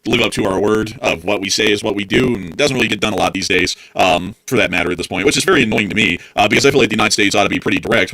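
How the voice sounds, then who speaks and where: A man's voice: fairly low pitch, gravelly, pushed and bright, no echo. A man co-hosting a live news stream, giving opinionated, exasperated commentary. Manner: opinionated and exasperated, drawls out mocking asides.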